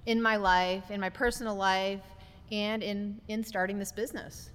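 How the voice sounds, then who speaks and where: Woman podcast guest, animated storyteller, voice in a reverberant space. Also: medium pitch, normal speed, smooth. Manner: animated, acts out quotes. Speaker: podcast guest, business founder. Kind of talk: storytelling in a casual interview.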